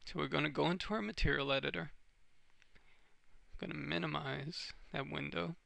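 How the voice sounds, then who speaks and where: A man giving a step-by-step software tutorial over a screen recording, explaining each click as he goes. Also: a little high, fairly even intonation, moderate pace, vocal fry, no echo.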